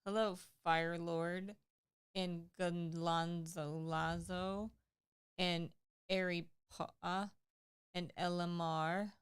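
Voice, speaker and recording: A woman's voice: lowish voice, flat delivery, extremely slow, clear, resonant tone. A woman co-hosting a casual livestream, chatting playfully and making joking asides. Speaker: livestream co-host. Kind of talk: casual chat.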